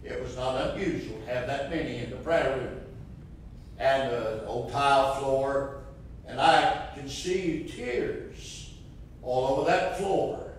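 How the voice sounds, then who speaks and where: Captured from a distance in a church sanctuary, this preacher's sermon is fervent and builds to impassioned cries amid a roomy echo. His medium-pitched voice moves at a slow pace, and a little hiss or hum is audible.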